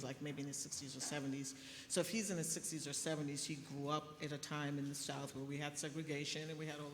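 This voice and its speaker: A woman's voice: low-pitched, slight background noise. Woman storytelling at a conference, echoey hall. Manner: animated storytelling with laughs. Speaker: emergency physician panelist. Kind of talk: conference panel talk. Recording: echoey hall with faint ambience.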